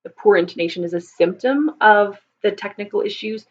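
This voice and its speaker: A woman voice teacher talks through singing technique for viewers in an unhurried, patient way, often pausing and rephrasing as she thinks. Her voice sits in an ordinary middle pitch. The recording is a bit dull and lo-fi. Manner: thoughtful, many ums and restarts, explains patiently. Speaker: voice teacher answering viewer questions. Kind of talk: live Q&A teaching. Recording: slightly dull lo-fi sound.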